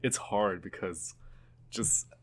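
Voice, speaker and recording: Young American guy, low-ish voice, joking podcast co-host. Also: slow. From United States. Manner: teasing, joking asides. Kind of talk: casual chat.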